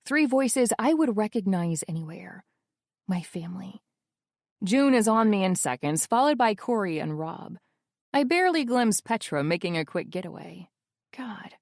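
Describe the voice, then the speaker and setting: A young woman narrates a first-person romance audiobook with wry, intimate asides. Her pace is slow and unhurried, and her pitch moves expressively. The sound is dry and close to the mic. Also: gravelly, darkish tone, dry recording.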